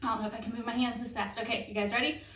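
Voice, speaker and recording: A woman's voice: fairly high pitch, steady tone, racing, a bit bright. A woman leading children in call-and-response memory drills, chanting and singing facts in a playful, coaxing way. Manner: playful, coaxing children to repeat in silly voices. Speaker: homeschool memory-work tutor. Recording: echoey room, voice from far off the mic.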